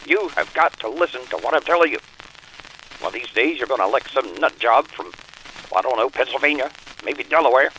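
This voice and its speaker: A man's voice: a little high, pushed and bright, a little hiss or hum, exaggerated voice, poor audio. A man playing a blustering early-1900s president who harangues the public in an emphatic, repetitive oratorical style.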